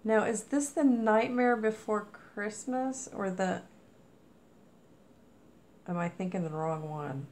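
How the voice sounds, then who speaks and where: A woman unboxing craft mail, talking at an unhurried, slow pace. She gushes and exclaims over each item in a casual, chatty way. A faint background ambience sits under her voice. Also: medium pitch, a little mellow, slight background noise. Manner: gushing, exclaims often. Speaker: crafting vlogger.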